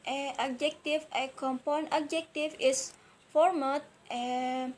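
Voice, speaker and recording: A woman's voice: high voice, poor audio. A young woman whose first language is Indonesian, presenting a student lesson on word stress, hesitant, with many fillers and careful repeated words. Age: young adult.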